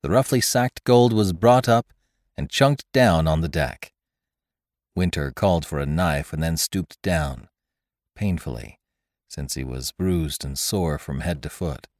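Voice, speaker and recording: A man narrating an adventure story for a podcast in a steady, measured way. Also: a bass voice, no echo, clean studio sound.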